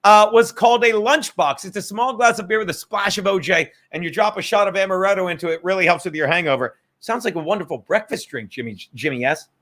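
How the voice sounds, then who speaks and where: Heated, bright-voiced man ranting on his podcast. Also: high voice, fast, hardly any pauses. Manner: profane, heated, sarcastic ranting; reads viewer super chats aloud. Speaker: podcast host. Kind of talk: casual ranting monologue.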